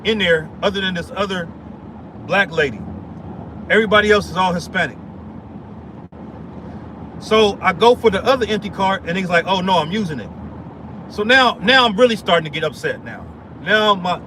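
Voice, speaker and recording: A man's voice: sits high, noisy background. A man telling a heated story in a casual rant, stammering and repeating himself. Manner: heated, repetitive, restarts and stammers. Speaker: vlogger.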